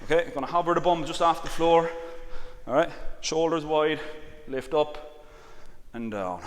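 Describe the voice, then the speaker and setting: A man's voice: a little high, moderate pace. Man cueing exercises, reverberant room. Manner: calm, repeats "all right" often, cues breathing and counts reps. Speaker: exercise instructor. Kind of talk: exercise class instruction. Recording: long reverb, faint background noise.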